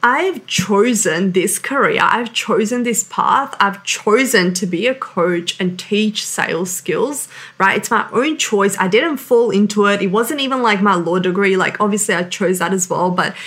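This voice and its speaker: A woman in her thirties speaks as a sales coach in a motivational business talk. She is earnest and emphatic, leaning on "like" as she goes. Her voice sits at an ordinary middle pitch. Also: a little slow, fairly bright tone. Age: 30s. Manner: earnest and emphatic, heavy use of "like".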